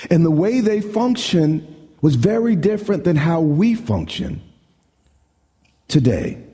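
A man's voice: fairly high pitch, big pitch swings, slow, dark tone. A middle-aged male pastor preaching a sermon, emphatic, asking the congregation questions and repeating words as he builds each point. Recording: long hall reverb.

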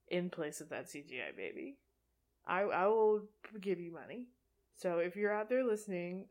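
Sarcastic young woman recapping a movie. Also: mid-range voice. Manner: sarcastic, animated, laughs often.

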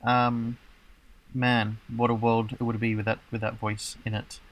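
A man's voice: mid-range voice, flat delivery, a little slow. A man hosting a casual podcast, rambling and playful with lots of fillers. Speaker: podcast host.

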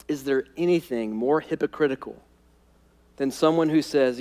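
A man preaching a sermon as pastor, emphatic, repeating key phrases and dropping to quiet intensity. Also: medium pitch, normal speed, long reverb tail. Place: church sanctuary.

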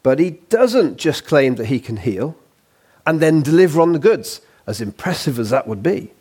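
Male preacher with a husky, slightly high voice, who preaches conversationally and drops in jokes. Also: moderate pace. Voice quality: husky, lively and conversational, with playful asides. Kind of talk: sermon. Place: church.

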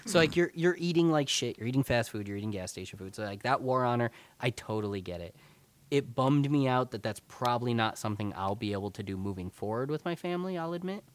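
A man's voice: mid-range voice, lively intonation, fast. A man hosting a podcast, talking casually and animatedly, with lots of filler words and the odd swear. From New York. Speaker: podcast host. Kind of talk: casual chat. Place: home in Connecticut.

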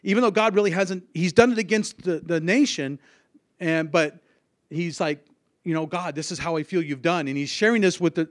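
A man giving an informal sermon, earnest and halting, with many restarts. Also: on the high side, dry recording, studio quality. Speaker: lay preacher.

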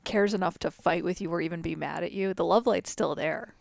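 A woman co-hosting a podcast, answering her partner in relaxed, brief casual chat. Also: lowish voice, a little fast, creaky, dry recording, studio quality. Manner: relaxed, brief responses and laughs. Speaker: podcast co-host.

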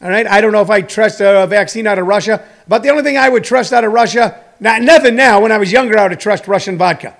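A man's voice: high-pitched, fast talker, vocal fry, few pauses, a bit bright. A man in his sixties who runs a comedy school, talking in a rambling, joking monologue full of fillers. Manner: meandering, joking, many fillers.

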